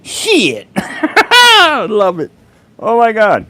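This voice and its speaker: A middle-aged man with a drawl hosts a casual livestream chat, taking his time with each phrase. His pitch swings widely as he talks, and he swears freely and breaks into loud laughter at his own jokes. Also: wildly swooping pitch, drawn-out words. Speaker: host of a live chat.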